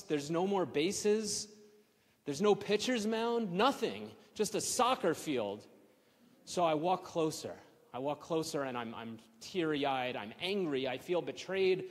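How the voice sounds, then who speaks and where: High-voiced man telling a story in a reverberant hall. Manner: emotional, repeats phrases for emphasis. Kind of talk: live story slam telling. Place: synagogue hall at a live event.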